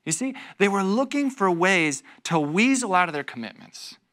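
A man's voice: sits high, big pitch swings, normal speed, a bit bright. A man teaching a Bible study as a pastor, reading scripture with rising force and acting out little scenes. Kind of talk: expository sermon. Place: church.

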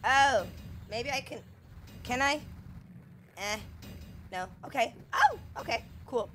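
Bright-voiced woman streaming a game, slow talker, swears and yells at it a lot. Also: high voice, lively intonation, slight background noise. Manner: exasperated, swearing, loud outbursts at the game. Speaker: gameplay streamer. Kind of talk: gameplay commentary.

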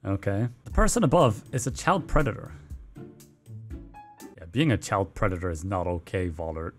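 A man hosting a meme reaction video, excitable, often laughing and shouting. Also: low-pitched, normal speed, faint music behind. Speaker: YouTuber host.

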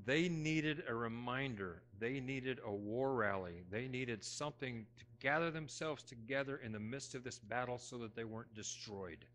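A middle-aged man preaching a sermon as pastor, talking conversationally with folksy, self-deprecating humor, moving between loud emphasis and hushed asides. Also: mid-range voice. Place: church sanctuary.

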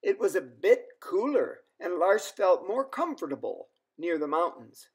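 Man, storyteller, children's story read-aloud, slow, fairly high voice. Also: breathy edge. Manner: slow, expressive.

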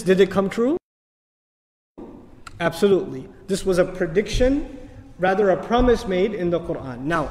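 A man giving an animated lecture on the Quran, swinging between emphatic peaks and soft asides and chanting Arabic verses in quick bursts. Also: high-pitched, in a large hall. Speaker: Islamic lecturer.

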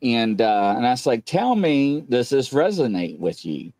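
A middle-aged man, a police captain as the show's guest, telling a casual rambling story full of filler "uh"s and quoted dialogue he acts out with sudden jumps up in pitch. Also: moderate pace, no room sound. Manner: animated, jumps up in pitch when acting out quoted speech; loose and rambling with many filler "uh"s.

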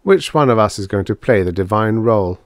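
A man voicing a calm, thoughtful older spaceman who muses aloud. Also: fairly low pitch, brisk, dry recording, clean studio sound, pitched above the performer's own voice, lightly acted. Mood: musing. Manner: calm, musing.

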